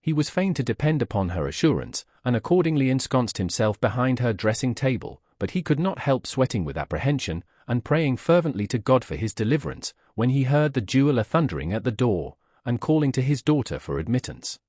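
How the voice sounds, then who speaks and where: A man narrating a classic novel as an audiobook, in a measured, expressive storytelling manner. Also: medium pitch, dry recording, clean studio sound.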